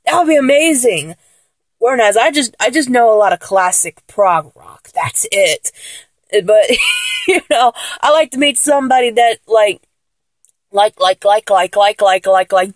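A woman in her mid twenties whose voice sounds older than her age, chatting in a casual, jokey way. Her pitch leaps around as she rambles and laughs at herself. She takes her time, and the sound is dry and close. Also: animated, measured pace, dry recording. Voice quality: mature-sounding voice. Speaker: solo vlogger answering a questionnaire. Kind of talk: casual chat.

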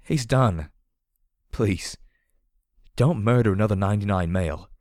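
A man's voice: fairly low pitch, unhurried, darkish tone, no room sound, studio quality, natural voice. A man voicing an earnest, anguished male pony companion who speaks in a strained, pleading way. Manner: strained, pleading then firm.

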